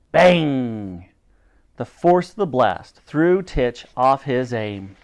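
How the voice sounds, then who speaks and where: A man reading a children's adventure book aloud, animated and switching between character voices. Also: fairly high pitch. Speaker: storyteller.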